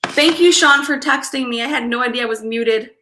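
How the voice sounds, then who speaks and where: A woman's voice: a little high, fairly quick, bright, forceful tone. A woman hosting a casual live stream, chatty and apologetic, often laughing as she talks to viewers about card readings. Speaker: livestream host doing card readings. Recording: echoey room.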